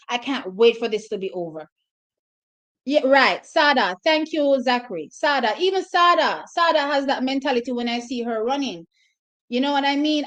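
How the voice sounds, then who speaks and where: A woman with a Jamaican accent hosting a casual livestream, chatting and reacting to viewers' comments with lots of restarts. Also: on the high side. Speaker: livestream host.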